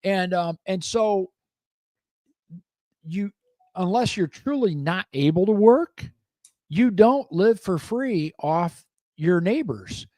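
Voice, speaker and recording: A middle-aged man co-hosting a local talk show, speaking bluntly in animated, opinionated casual chat and acting out the people he quotes. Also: high voice, takes it slowly, long pauses, no room sound. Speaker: co-host and business owner.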